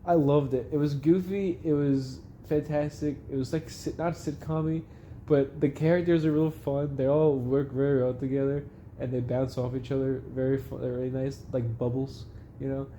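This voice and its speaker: A man's voice: medium pitch, moderate pace, slight background noise. Rambling, swearing young man recapping a show. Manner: rambling, swears a lot, laughs through excited bits.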